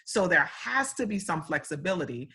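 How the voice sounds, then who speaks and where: A woman's voice: fairly low pitch, sing-song, normal speed, pushed and bright, husky. A woman hosting an interview, asking questions with frequent restarts and summing up her guest's answers. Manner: repeats and restarts, summarizes what guest said. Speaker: interviewer, host. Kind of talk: casual interview conversation.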